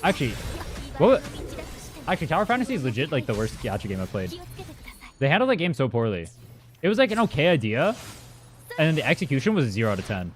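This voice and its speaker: A young man talks fast over his game stream, his pitch bouncing as he rambles and swears through replies to chat. Soft music plays faintly under his voice. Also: huge pitch swings. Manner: rambling, profane, reads and answers chat. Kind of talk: casual livestream chat while gaming. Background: faint music from his playlist.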